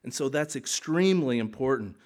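A man in his thirties, a pastor preaching a sermon in an animated, conversational way. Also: mid-range voice, a little fast.

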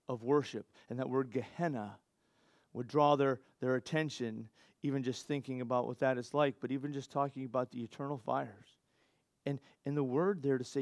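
A man's voice: mid-range voice, no echo, clean studio sound. A man preaching a sermon in a conversational way, with asides, restarts and rhetorical questions to the congregation. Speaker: pastor.

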